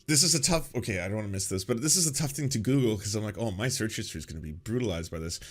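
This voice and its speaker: A man doing casual reaction commentary on a political show. He is sarcastic and laughs often, and his pitch swings widely as he talks. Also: expressive, rapid-fire.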